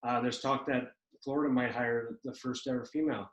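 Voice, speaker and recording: A man's voice: medium pitch, steady tone, brisk, muffled recording. Joking male podcast co-host in an echoey room. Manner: joking, interjecting, laughs easily. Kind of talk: casual hockey chat.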